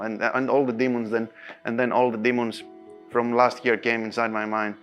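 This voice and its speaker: Animated man telling a story, non-native English. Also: medium pitch, moderate pace, lo-fi sound, faint music behind. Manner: animated, laughs often, acts out his own quotes. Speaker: pool player interviewee. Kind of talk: casual interview storytelling.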